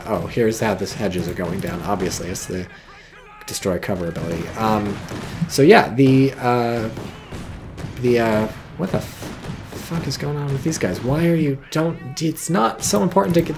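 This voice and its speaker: A man casting a strategy game replay in casual commentary, excitable, swearing freely and exclaiming often. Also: mid-range voice, gravelly, noisy background.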